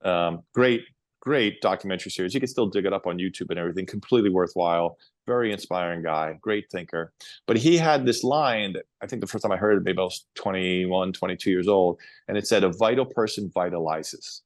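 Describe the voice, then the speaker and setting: A middle-aged man, a podcast guest, telling long rambling stories in a casual, animated way. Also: low-pitched, brisk, no room sound, studio quality. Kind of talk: casual interview storytelling.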